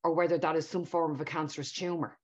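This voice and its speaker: A woman hosts a podcast interview in a somewhat low voice. She talks emphatically and reassures her guest with frequent affirmations, and the recording sounds dull and lo-fi. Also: steady tone, fast talker, darkish tone. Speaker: podcast host. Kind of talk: conversational interview.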